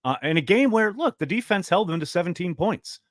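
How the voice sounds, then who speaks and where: A man talking as a guest analyst on a sports radio show, emphatic and quick with his points. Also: high-pitched, lively intonation, no room sound, clean studio sound. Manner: emphatic, rapid analytical talk. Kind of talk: casual sports radio chat.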